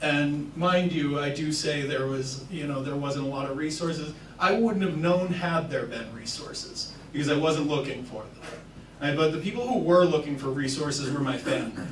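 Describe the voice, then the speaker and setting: A man's voice: a little high, moderate pace, slight background noise. A man in his thirties from New Hampshire telling his recovery story at an event, earnest and a little nervous. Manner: earnest, laughs nervously, filler-heavy. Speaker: recovery worker speaking at an event. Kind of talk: personal public speech. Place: event hall. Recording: roomy hall, distant mic.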